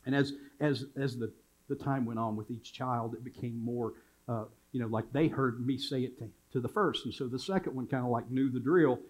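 A man's voice: mid-range voice, moderate pace. Older male pastor preaching with repetition. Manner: storytelling, repeats phrases for emphasis. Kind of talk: sermon. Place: church sanctuary.

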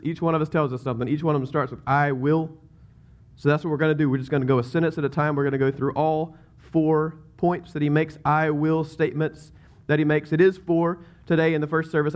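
A man, a pastor, preaching a sermon in a conversational way, with joking asides and emphatic scripture readings. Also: fairly high pitch.

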